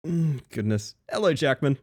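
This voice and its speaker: Man, streamer, casual banter, teasing, swearing, lively intonation. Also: mid-range voice, moderate pace. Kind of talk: casual live-stream chat.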